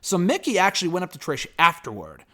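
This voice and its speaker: A man's voice: high voice, huge pitch swings, fast, fairly bright tone. A man giving a loose, chatty spoken recap and review of a wrestling show. He swears casually and waves off details with "blah, blah, blah.".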